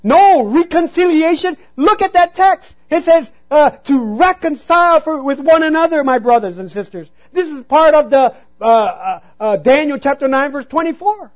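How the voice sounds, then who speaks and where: High-voiced man preaching a sermon. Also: expressive, moderate pace, hardly any pauses, poor audio. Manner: storytelling, call-and-response "Amen?". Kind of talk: sermon with personal story.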